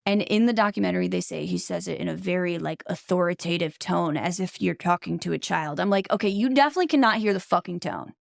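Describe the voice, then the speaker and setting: A woman hosts a casual true-crime podcast with a gravelly, fry-laced voice. She talks bluntly, shares strong opinions and swears freely. The recording is dry and close, with no room sound. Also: lowish voice, fast talker, few pauses, no echo. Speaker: podcast host.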